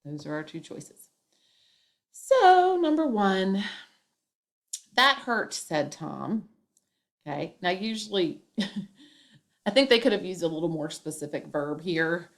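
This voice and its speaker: Woman, teacher, classroom grammar lesson, step-by-step, somewhat low voice. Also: a little slow, creaky. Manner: step-by-step, acts out example lines with emphasis.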